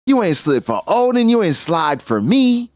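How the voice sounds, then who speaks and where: A high, whining pirate voice put on by a man, complaining in slow, drawn-out street slang. He sounds petty and wounded, and his pitch swings widely. The sound is dry and close. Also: big pitch swings, a little mellow, no room sound. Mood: indignant. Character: aggrieved adult male pirate, petty and indignant.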